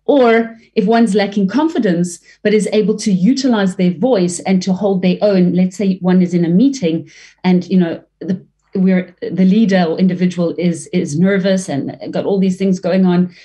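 A woman working as a leadership trainer and voice coach, giving expressive interview answers with some restarts and fillers. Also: moderate pace. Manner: expressive, varies pitch and pace to demonstrate; fluent with frequent restarts.

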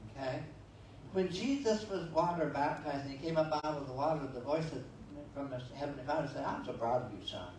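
Fairly high-pitched and fairly quick, with a darkish tone, a pastor delivers a conversational, folksy sermon. He tells stories and reads scripture, restarting often and adding asides, captured far off in an echoey church sanctuary with slight background noise.

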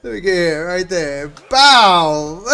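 A man streaming live gameplay, reacting with lots of laughter and slangy, excited commentary. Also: a little high, a little slow. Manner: slangy and swearing. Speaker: game streamer.

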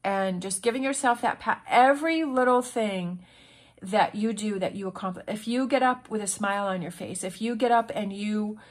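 A woman's voice: mid-range voice, normal speed. A woman giving a casual tarot reading, talking in an earnest, encouraging way with many restarts and fillers, and sounding emotional. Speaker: tarot reader.

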